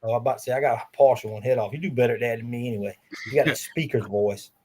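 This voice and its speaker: A man's voice: medium pitch, rapid-fire, a little mellow. A man with a coastal Southern Geechee accent co-hosting a casual talk show, rambling in a laid-back way with frequent chuckles. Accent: Southern US, coastal Geechee-tinged. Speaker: podcast co-host. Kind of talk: casual chat.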